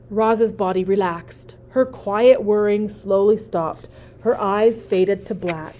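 A woman reading a children's novel aloud, narrating in a gentle, expressive way. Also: mid-range voice, slow pace.

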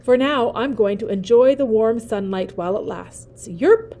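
A woman voicing two lazy croaking frogs with folksy, drawling speech in a storybook reading. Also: fairly high pitch, unhurried, warm tone.

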